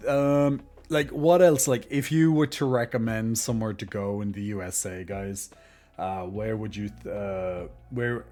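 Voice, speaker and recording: A man's voice: fairly low pitch, darkish tone. An Irish man streaming, chatting casually with viewers in a rambling way full of fillers. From Ireland.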